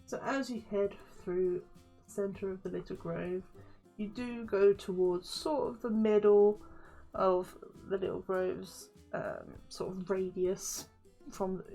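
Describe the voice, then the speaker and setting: A woman's voice: medium pitch, darkish tone. A woman narrating a tabletop game as game master in a loose, chatty way with many fillers. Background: faint music.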